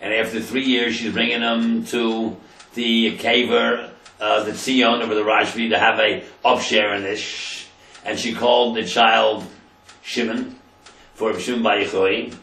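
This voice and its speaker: A man's voice: lowish voice, flat delivery, unhurried, gravelly, pushed and bright, echoey room, far from the mic, rough recording. A man, a rabbi, telling a story in a class and translating Hebrew phrases into English with dramatic emphasis.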